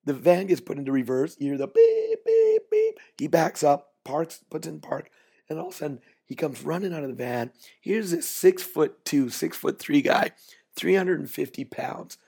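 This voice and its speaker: A man's voice: on the high side, normal speed, creaky, darkish tone, breathy edge. A middle-aged man hosting a podcast, telling a chatty, folksy story that builds to a business lesson. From Canada. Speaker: podcast host.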